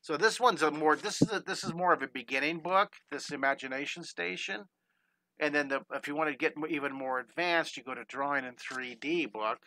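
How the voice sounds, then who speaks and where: A man's voice: fairly high pitch, brisk, bright, forceful tone, no room sound, low-quality recording. A man teaching a live online drawing lesson, upbeat and encouraging, talking his students through each step and breaking into playful chants and sound effects.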